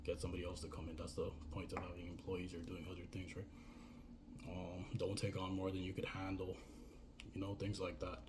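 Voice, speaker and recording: A business coach gives casual, rambling advice in a low-pitched voice, talking fairly quickly with completely flat delivery. He often tags his points with "right?" and "you know." Background noise is audible.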